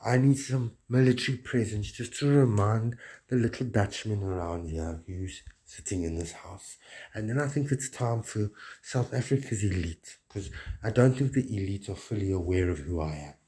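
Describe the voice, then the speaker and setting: A man's voice: lowish voice, moderate pace, warm tone. A man delivering a rambling, grandiose monologue, preachy and swearing often.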